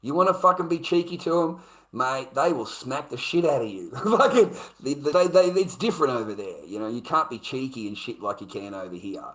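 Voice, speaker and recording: A man's voice: medium pitch, animated, brisk, fairly bright tone, rough recording. Sweary blunt Australian man ranting. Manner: sweary, blunt, laughs often, says mate constantly. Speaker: streamer. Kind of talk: casual ranting chat.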